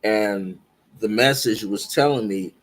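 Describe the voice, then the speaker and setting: Slow, earnest man telling a spiritual dream. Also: fairly low pitch. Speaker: guest speaker. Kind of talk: spiritual storytelling.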